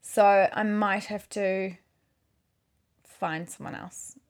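A woman's voice: mid-range voice, fairly even intonation, takes it slowly. A woman, rambling and correcting herself in casual chat about her video work. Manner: chatty, rambling, self-correcting. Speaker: video maker.

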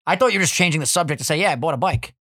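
A young man co-hosting a podcast, casual and profane, quick with jokes and bits. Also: on the high side, expressive, sharp tone, dry recording, studio quality. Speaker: podcast co-host.

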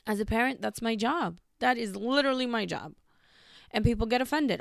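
A woman's voice: a little high, brisk, creaky, no room sound, studio quality. A young woman hosting a talk show, speaking bluntly and emphatically in a casual monologue. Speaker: podcast host.

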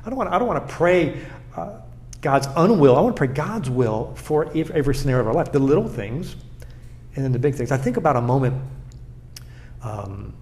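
A man's voice: medium pitch, big pitch swings, fairly quick, darkish tone. Earnest pastor man telling a story. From South Florida. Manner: earnest, repeats words when emphasizing. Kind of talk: conversational storytelling interview.

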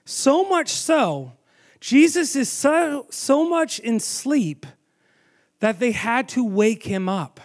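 A man preaching a sermon, telling the story with animated storytelling and asking the audience questions. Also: very high voice, slow.

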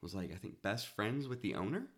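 A man in casual podcast talk, animatedly telling a comedy club story and leaping into high shouts for quoted lines. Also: animated, fairly quick. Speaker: stand-up comedian and podcast host.

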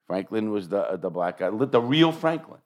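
An older man hosting a podcast tells animated stories in casual chat, swearing now and then. His voice is fairly low and moves at a normal speed.

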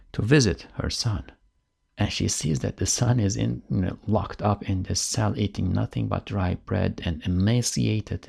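A man's voice: fairly low pitch, creaky. A man giving an earnest, emphatic religious lecture, stressing points with repeated phrases and occasional restarts. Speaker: religious teacher.

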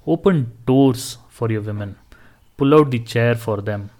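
A man's voice: mid-range voice, measured pace, darkish tone. Earnest man giving advice. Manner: earnest, advising, with restarts and fillers. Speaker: podcast host. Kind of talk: solo podcast talk, advice.

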